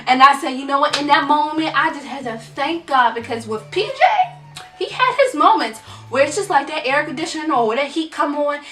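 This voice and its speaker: A woman with a high, bright voice vents about parenting with animated, dramatic storytelling. She sits back from the mic in a roomy, echoey space, with faint music under her. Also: fairly quick, recorded from a distance. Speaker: mom vlogger. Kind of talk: comic venting to camera.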